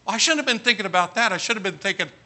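A man preaching, telling a comic story with animated bursts of shouting. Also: high voice, racing. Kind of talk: humorous storytelling sermon.

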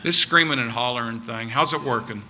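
A man telling an animated story with quoted dialogue during a sermon. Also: medium pitch, fairly quick.

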